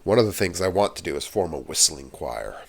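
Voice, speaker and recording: A man with a deep, low-pitched voice rambles casually to his viewers. He drifts from one loose tangent to the next in an easygoing way. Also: animated, fairly quick, gravelly, very noisy. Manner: meandering, drifts between tangents. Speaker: channel host. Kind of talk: casual rambling rant to camera.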